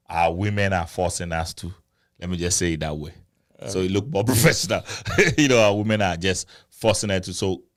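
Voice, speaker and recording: A married man in his thirties hosting a casual chat, animated, laughing often and repeating words as he argues a point. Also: sits low. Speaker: podcast host.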